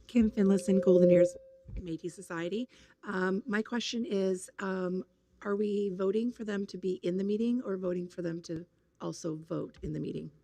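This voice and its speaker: A woman speaking from the floor of an assembly, asking a question slowly. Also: medium pitch, fairly even intonation, vocal fry, mellow. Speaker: regional president at assembly.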